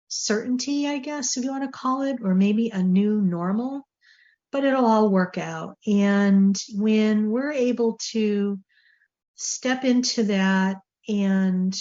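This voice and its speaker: Woman host, loose conversational delivery, mid-pitched, slightly lo-fi recording. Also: dark tone. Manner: chatty, rambling, full of fillers. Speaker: show host. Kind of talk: casual talk-show monologue.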